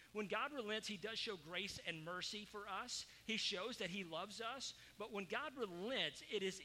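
A man preaching a sermon, animated, acting out quoted voices with sudden rises. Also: a little hiss or hum. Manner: animated, acts out quoted voices with rising pitch. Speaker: pastor.

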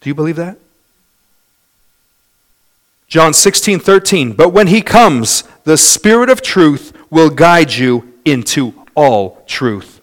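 A man preaching a sermon as pastor, swinging between loud, fast passages and soft, slow ones, and telling stories in others' voices. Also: fairly high pitch, sing-song. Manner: dynamic preaching with wide swings in loudness and pace; storytelling with imitated voices of others.

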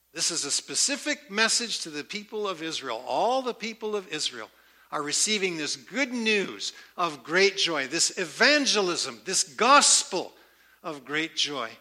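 Bright-voiced emphatic male preacher. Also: on the high side. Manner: emphatic, repeats key words with slow deliberate stresses. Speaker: pastor. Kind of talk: sermon.

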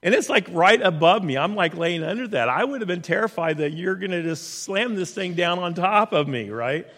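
A man's voice: high-pitched, expressive, moderate pace, fairly bright tone. A man telling a personal story in an earnest, conversational way, often restarting his sentences. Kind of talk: storytelling in a talk. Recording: long hall reverb.

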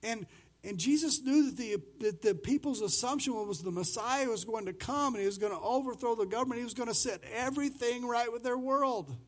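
Male pastor with a high voice, preaching casually and acting out quotes. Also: brisk. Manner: swings between loud and soft. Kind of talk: sermon.

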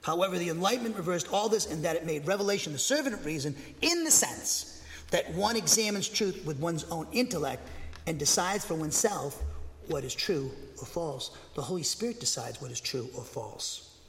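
High-voiced preacher guy, fired up and dogmatic, church echo hanging on everything. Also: moderate pace, slight background noise. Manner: emphatic, bangs the pulpit, excitable; dogmatic, speaks with conviction. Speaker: pastor. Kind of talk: sermon. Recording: long hall reverb.

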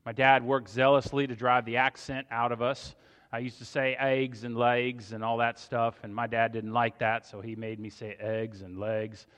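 A middle-aged man from Northern Virginia preaching a sermon as pastor, praying in a hushed voice, then telling stories with loud emphasis. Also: mid-range voice, flat delivery, moderate pace, smooth. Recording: long reverb in a large hall.

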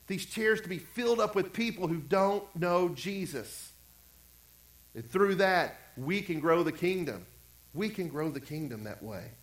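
A man's voice: high-pitched, echoey room, poor audio. A man pastor preaching a conversational sermon, acting out quotes and repeating phrases. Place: church.

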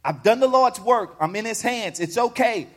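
A man's voice: very high-pitched, expressive, normal speed, fairly bright tone, pitched above the performer's own voice, heavily acted. A preacher voicing an older, fatherly preacher urging a young man to save himself. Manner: fatherly, pleading. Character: kindly older male preacher, calm then stern. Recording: long reverb of a large hall.

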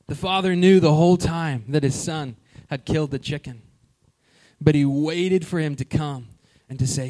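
A man preaching a sermon, telling a story with animated delivery and questions to the congregation. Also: on the high side, normal speed. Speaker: pastor.

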